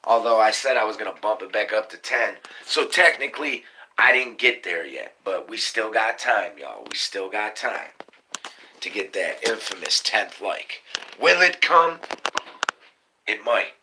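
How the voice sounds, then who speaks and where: A man, hosting a live stream and ranting excitably about conspiracies, cursing often and calling to viewers as y'all. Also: fairly low pitch, moderate pace. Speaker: livestream host. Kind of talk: casual live-stream rant. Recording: noisy live-stream audio.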